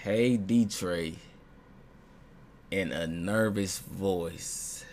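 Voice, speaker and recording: A young man streaming a video game, commenting casually, swinging from low muttering to loud yelps. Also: very slow, slight background noise. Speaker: gaming streamer.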